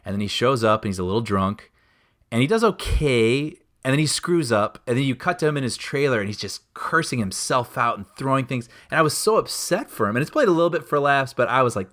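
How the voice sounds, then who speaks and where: A man's voice: mid-range voice, lively intonation, fairly quick, a bit bright. A man co-hosting a podcast, chatting casually and enthusiastically about a movie, laughing often and acting out scenes. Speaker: podcast co-host. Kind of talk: casual film discussion.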